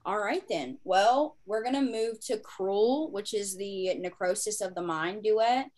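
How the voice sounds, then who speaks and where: A young woman hosting a casual chat, excitable and gushing, swearing freely. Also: mid-range voice, unhurried. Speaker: podcast host.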